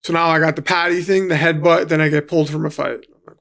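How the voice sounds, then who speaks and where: NY man, gravelly and a bit high-pitched, casual guest storyteller who swears a lot. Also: steady tone, quick pace, fairly bright tone. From New York City. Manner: swears freely, acts out quotes. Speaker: guest, professional fighter.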